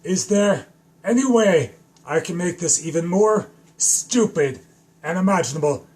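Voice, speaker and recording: A young man goofing around alone on a live stream, rambling slowly and breaking into sudden shouts. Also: high voice, animated. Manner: silly, rambling, slow and drawn out with sudden shouts. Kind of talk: goofy solo live stream.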